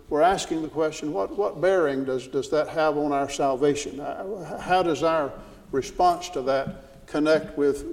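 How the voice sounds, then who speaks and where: A man preaching a Bible lesson in an earnest way, often repeating words as he starts a phrase and rising to loud emphasis when he quotes scripture. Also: on the high side, big-room sound, poor audio. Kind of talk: sermon.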